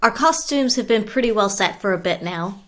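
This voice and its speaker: A woman's voice: medium pitch, animated, normal speed, a bit bright. A middle-aged woman from Australia co-hosting a podcast in casual chat, teasing her partner and laughing easily. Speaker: podcast co-host.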